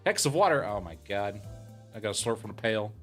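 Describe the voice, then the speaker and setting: A man's voice: lowish voice, animated, a little fast, a bit bright, faint music behind. A man chatting casually with his live stream audience in a self-deprecating way, laughing often. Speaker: streamer and voice actor.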